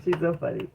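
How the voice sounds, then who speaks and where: A woman with a deep, low voice talks casually from home, laughing easily and stopping now and then to give her child firm little instructions. The sound is thin and tinny, like it is coming through a phone. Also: gravelly, background noise. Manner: playful, laughs often, breaks off to correct her child. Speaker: channel host and mother. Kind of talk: casual live chat.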